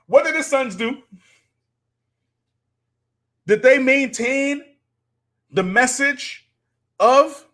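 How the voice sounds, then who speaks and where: A man's voice: extremely high pitch, pushed and bright. A man, hosting a live stream and preaching to his audience with rhetorical challenges. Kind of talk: impassioned live-stream commentary.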